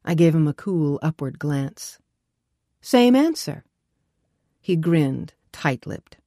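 A woman with a notably low voice narrates a first-person audiobook. Her telling is wry and brisk, recorded dry and close with no room sound. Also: fairly even intonation, warm tone, no echo.

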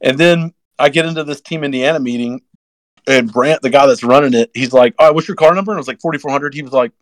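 A man's voice: fast talker, no room sound, poor audio. Rambling young man telling a story. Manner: rambling, acts out quotes with sudden high-pitched outbursts. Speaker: guest race driver. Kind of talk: casual podcast storytelling.

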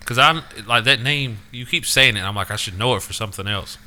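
A man's voice: medium pitch, fast, bright, forceful tone. A man co-hosting a casual podcast chat, teasing and swearing heavily. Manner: crude, heavy swearing, teasing. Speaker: podcast co-host.

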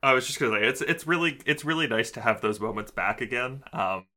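Bright-voiced man recapping with ums. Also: medium pitch, expressive, fast. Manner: hesitant, many ums and restarts. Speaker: podcast co-host. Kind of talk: casual episode recap chat.

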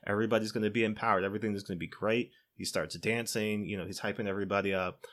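A man with a somewhat low voice recaps a film for his podcast, talking loosely with plenty of "you know" and "like." He laughs as he goes and acts out the characters' lines in his own voice. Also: fairly even intonation, rapid-fire, a bit bright. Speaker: podcast co-host. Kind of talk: casual movie recap.

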